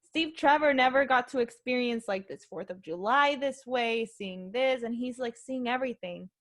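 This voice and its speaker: A woman's voice: on the high side, moderate pace. A young woman hosting a podcast, reviewing a movie in casual, rambling chat full of fillers. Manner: rambling, filler-heavy, emotional. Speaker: podcast host.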